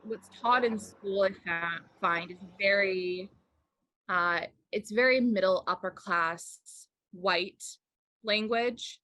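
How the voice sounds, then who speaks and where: A woman's voice: medium pitch, slow, sharp tone, no room sound. A woman speaking earnestly in an interview, searching for her words. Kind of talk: thoughtful interview talk.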